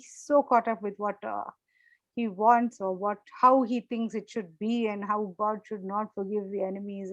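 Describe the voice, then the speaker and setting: A woman's voice: mid-range voice, no echo, rough recording. A woman leading a church Bible study, explaining scripture in a conversational way and often checking in with the group. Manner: conversational, repeats points, asks the group questions.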